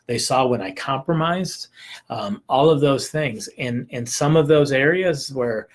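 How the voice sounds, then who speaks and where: A man's voice: medium pitch, a little slow. Middle-aged man, mid-range voice, earnest teaching talk to parents, reflective and unpolished. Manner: earnest, reflective, many restarts and ums. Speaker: homeschool teaching presenter.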